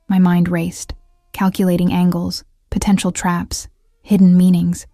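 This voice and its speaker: A woman reads a first-person romance audiobook in a measured, steady voice. Her tone is warm and mellow, with dry, close sound. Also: lowish voice, no room sound. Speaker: audiobook narrator.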